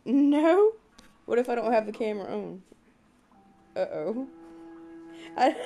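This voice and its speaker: Woman, sick, high-pitched, lively sing-song, coaxing baby talk, handheld camera at home. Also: slow pace, long pauses, soft background music. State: sick, under the weather. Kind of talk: playful baby-directed talk.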